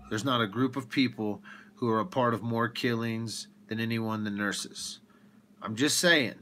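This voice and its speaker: A man hosting a livestream, ranting with rhetorical questions in an animated way. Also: mid-range voice, a little slow, slight background noise. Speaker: livestream host.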